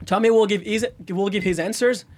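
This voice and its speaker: Host with a French accent and a high, bright voice; encouraging, playful tutor. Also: male voice, steady tone, a little fast. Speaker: podcast host. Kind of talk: casual chat, teaching French phrases.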